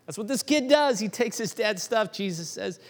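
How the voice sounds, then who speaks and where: Man, middle-aged, pastor, sermon, animated, emphatic, slightly raised pitch. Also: normal speed. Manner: animated storytelling, rising to emphatic peaks.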